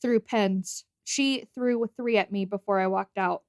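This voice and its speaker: A woman from Indiana co-hosting a casual podcast chat, agreeable and quick to laugh. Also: mid-range voice, no room sound, clean studio sound. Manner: laughing, agreeable, many yeahs. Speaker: podcast co-host.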